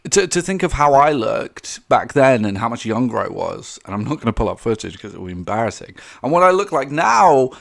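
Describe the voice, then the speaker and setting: A man's voice: on the high side, creaky. A young man giving casual, rambling commentary on a vlog, laughing often and restarting his sentences. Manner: rambling, animated, laughs often, mocking quoted voices; many fillers and restarts. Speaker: commentary YouTuber.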